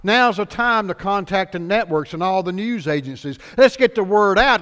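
Man preaching a sermon, high voice, animated, loud then hushed, long hall reverb. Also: normal speed, few pauses, clean tone. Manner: animated preaching, swings between loud and hushed, acts out quoted lines. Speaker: pastor.

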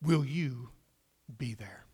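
Emphatic preacher in an echoing hall. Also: male voice, medium pitch, lively intonation, takes it slowly, slightly rough. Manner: emphatic, swings from loud to hushed, repeats words. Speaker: pastor. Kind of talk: sermon. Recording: reverberant hall.

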